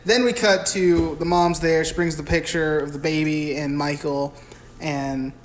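A young man co-hosting a podcast, recapping a film in a loud, profane, animated way and slipping into voices for the characters. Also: fairly high pitch, measured pace. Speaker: podcast co-host. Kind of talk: casual chat recapping a film. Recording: echoey room with faint noise.

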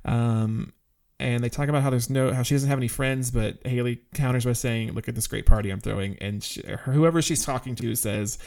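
A man's voice: medium pitch, brisk, creaky, darkish tone. A man co-hosting a podcast, recapping a TV episode in casual chat with wry, exasperated asides and some mild swearing. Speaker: podcast co-host.

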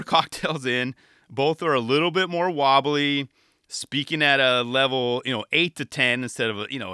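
Animated man with a bright voice. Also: mid-range voice, dry recording, studio quality. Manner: animated, laughing, frequent "you know" fillers. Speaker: show reviewer. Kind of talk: casual video commentary.

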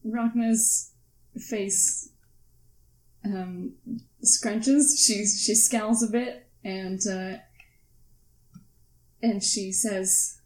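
A woman's voice: medium pitch, fairly even intonation, extremely slow, pauses often, darkish tone, roomy sound, poor audio. A woman narrating her character's actions in a tabletop role-play, hesitant and full of fillers. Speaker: player.

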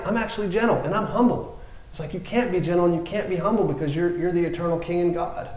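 A man's voice: fairly high pitch, fast talker, a little mellow. Male preacher, casual rambling delivery, echoey room. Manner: rambling and conversational, lots of fillers. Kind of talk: informal sermon.

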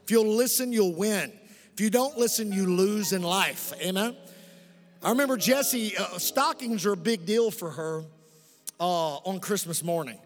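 High-voiced preacher man in a reverberant hall. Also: moderate pace, faint music behind. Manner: lively, humorous, calls out to the congregation for amens. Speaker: pastor. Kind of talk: preaching a sermon. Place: church sanctuary. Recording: long reverb in a large hall.

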